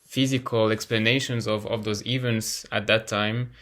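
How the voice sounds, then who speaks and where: A man's voice: on the low side, steady tone, moderate pace, a bit bright. A man speaking English as a second language, casually explaining astrology as a healing teacher, often repeating words as he searches for them. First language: not English.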